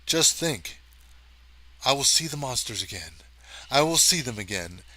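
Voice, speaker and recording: A man's voice: mid-range voice, very animated, unhurried, sharp tone, exaggerated voice. A man doing a tense, urgent space cameraman. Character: tense determined male cameraman stranded in space.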